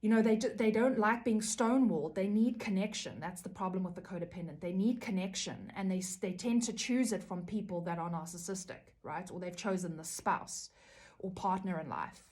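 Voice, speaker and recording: A woman's voice: mid-range voice, brisk, darkish tone. Woman vlogger, earnest, rambling, filler-heavy, talks straight to camera about recovery. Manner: earnest, rambling, many fillers and "right?" tags. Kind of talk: casual talk to camera.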